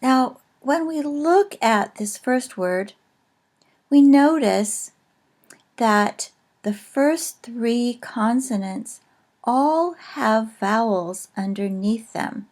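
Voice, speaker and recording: A woman teaching a recorded lesson, explaining slowly and carefully with frequent pauses. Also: a little high, lively intonation, darkish tone. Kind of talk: recorded lecture on a language.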